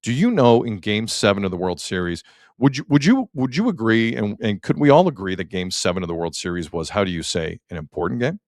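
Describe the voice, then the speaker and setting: A man's voice: lowish voice, animated, a little fast, dry recording, studio quality. A man hosting a sports talk show, ranting emphatically with rhetorical questions in casual talk.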